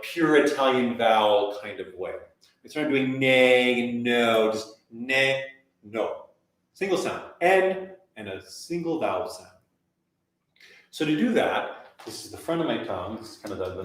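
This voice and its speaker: Male voice teacher, relaxed chatty coaching, very roomy echo, distant from the mic. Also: mid-range voice. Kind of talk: live online voice lesson. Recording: very echoey room, voice heard from afar.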